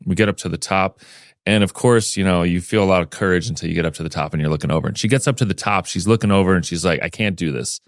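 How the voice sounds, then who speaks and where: A man as a podcast guest, telling a personal story in a lively way and acting out the things people said. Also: sits low, racing, no room sound, studio quality. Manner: lively storyteller who acts out remembered dialogue.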